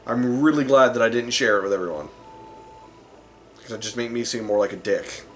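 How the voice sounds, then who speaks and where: A man's voice: medium pitch, brisk, a bit bright, a little hiss or hum. A man hosting a tabletop gaming channel, talking casually and rambling a bit with likes and uhs. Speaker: tabletop game channel host. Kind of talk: casual talk to camera about running games.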